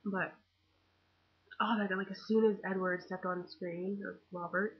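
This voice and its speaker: A teenage girl gushing about a movie in a casual webcam vlog, excitable and full of fangirl chatter. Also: mid-range voice, a little slow, breathy edge, lo-fi sound. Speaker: vlogger.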